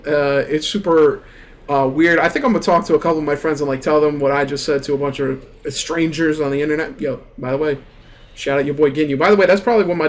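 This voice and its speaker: Rambling young man with a high voice. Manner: animated, rambling, heavy swearing and filler words. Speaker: gaming streamer. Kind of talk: casual storytelling rant.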